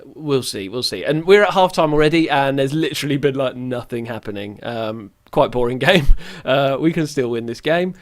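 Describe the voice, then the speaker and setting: A gaming YouTuber with a mid-range voice talks at a normal speed with few pauses. His let's-play commentary is casual and rambling, full of chatty asides, running reactions to the match, and jokes at his own expense.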